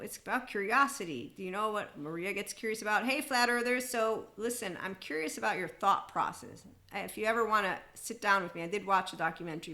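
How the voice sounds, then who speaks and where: Bright-voiced excitable woman podcast host. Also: mid-range voice. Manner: rambling, excitable, breaks into sung snippets and laughter. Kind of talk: solo spiritual self-help talk.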